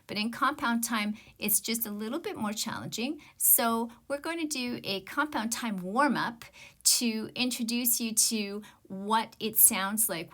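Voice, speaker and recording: A woman music teacher walks students through a rhythm lesson at an unhurried pace, in a voice of middle pitch. She explains step by step and chants counts and rhythm syllables aloud so they can follow along. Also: a bit bright.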